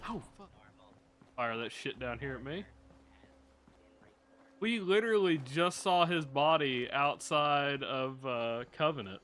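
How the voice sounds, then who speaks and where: A man's voice: medium pitch, expressive, slow, pauses often, background noise. A man live-streaming a video game, chatting casually, swearing freely and laughing as he tells rambling stories. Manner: profane, rambling, laughs while telling stories.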